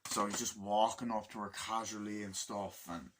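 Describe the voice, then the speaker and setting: A man's voice: on the low side, level tone, moderate pace, background noise. A man reviewing a film casually at home, rambling and enthusiastic and swearing freely. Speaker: movie reviewer. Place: room at home with window open.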